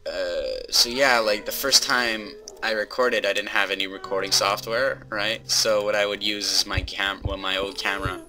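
A young man hosting gameplay commentary, excitable and full of startled exclamations. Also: on the low side, normal speed, over music. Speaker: host.

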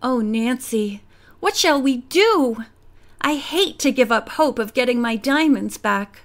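Lady reading a fiery young bride-to-be, high voice, all worked up, storybook style. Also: lively intonation, unhurried. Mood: distressed. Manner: outraged, emphatic. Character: hot-tempered young bride-to-be.

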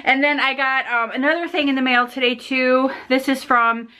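A woman talks through her fan mail in a loose, rambling vlog chat. Her voice is bright and ringing and sits a little high. She gushes with excitement and fills her sentences with ums and likes. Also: moderate pace. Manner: gushing, excited, rambling with fillers. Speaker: vlogger.

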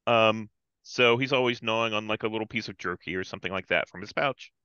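A man's voice: lowish voice, fast talker, sharp tone, clear, resonant tone, no room sound, highs cut off. A man playing in a tabletop game, introducing his character hesitantly with many ums and uhs. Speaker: player.

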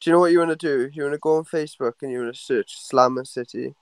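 A man's voice: medium pitch, fast talker, no room sound. A British man being interviewed over a video call, blunt and cocky, swearing freely. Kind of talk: casual chat.

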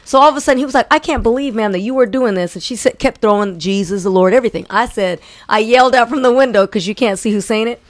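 Brief: woman co-host, high voice, animated storyteller, dry sound. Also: fast, few pauses, dry recording. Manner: animated, acts out quotes. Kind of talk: casual storytelling chat.

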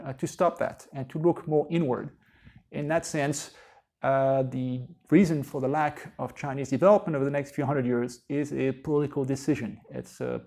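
A man teaching a college history lecture in a conversational way, often pausing on "uh" fillers. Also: a little high, a little mellow. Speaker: history professor.

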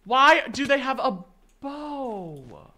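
A young man streaming a game with casual chatter, excitable with dramatic reactions and playful teasing. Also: extremely high pitch, very slow, a little hiss or hum.

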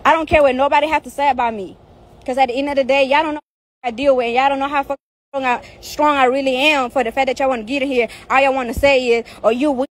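A woman's voice: high-pitched, fairly even intonation, quick pace. A woman outdoors, venting to her followers in a heated, profane, repetitive rant. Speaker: social media personality.

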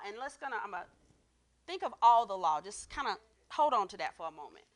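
A woman's voice: mid-range voice, big pitch swings, fast. A woman guest preacher delivering a sermon, reading scripture and pressing points with call-and-response questions to the congregation.

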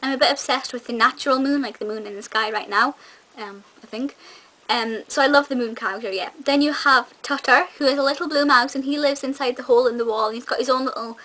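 Bright-voiced chatty young woman. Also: high voice, fast talker, poor audio. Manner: chatty and enthusiastic, with frequent ums and restarts. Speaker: video reviewer. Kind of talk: casual nostalgic review to camera.

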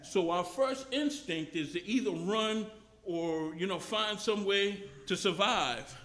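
Preacher with a high voice, talky sermon delivery, repeats himself as he builds. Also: takes it slowly, fairly bright tone. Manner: conversational, repeats and restarts phrases. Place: mission chapel service.

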